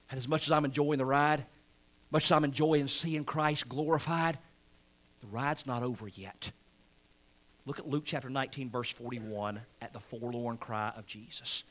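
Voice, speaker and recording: A male pastor preaching a sermon dramatically, moving from hushed lines to loud shouts and acting out crowd voices. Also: on the high side. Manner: acts out crowd and Pharisee voices.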